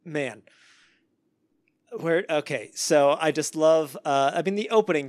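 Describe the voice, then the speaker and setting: A man hosts a loose podcast conversation, his voice sitting a bit high and lively as he laughs and pokes fun at what he reads. The recording is dry and close, with little room sound. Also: a little slow, long pauses, no echo. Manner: animated, laughing, reads lyrics mockingly. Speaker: podcast host. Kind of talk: casual chat.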